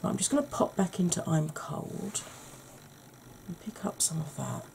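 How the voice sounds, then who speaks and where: A woman with a husky, croaky voice hosts a soft-spoken ASMR makeup tutorial, chatting gently to her viewers. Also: on the low side, animated, normal speed, slight background noise. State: husky, croaky voice from a sore throat.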